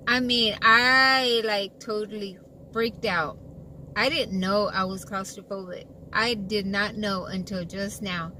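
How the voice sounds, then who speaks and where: A woman's voice: mid-range voice, steady tone, slow pace. A woman telling a rambling storytime, full of likes and repeats. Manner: rambling, repeats herself, many likes and fillers. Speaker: vlogger. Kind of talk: casual storytime chat. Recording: distant mic, loud traffic noise.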